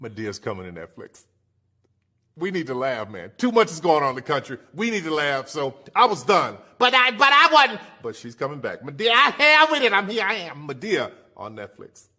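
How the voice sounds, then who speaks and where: A man putting on a low, muttering impression, clearing his throat as he mocks a celebrity announcement. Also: wildly swooping pitch, moderate pace, pushed and bright, heavily acted. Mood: mocking.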